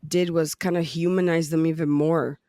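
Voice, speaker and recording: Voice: medium pitch, flat delivery, moderate pace, mellow. A podcast co-host in casual chat, earnest and emphatic, with some swearing.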